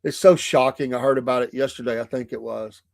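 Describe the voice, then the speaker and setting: A man's voice: mid-range voice, fairly even intonation, a little fast, gravelly, no room sound, clean studio sound. A Southern American man hosting a morning livestream show, chatty and folksy, laughing often. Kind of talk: casual livestream chat. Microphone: streaming mic.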